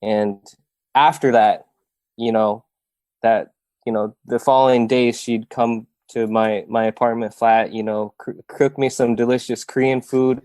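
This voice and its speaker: A man's voice: medium pitch, fairly even intonation, a little slow, darkish tone, no echo. A young man from Iowa telling his story as an interview guest, earnest and heartfelt, with many fillers and restarts.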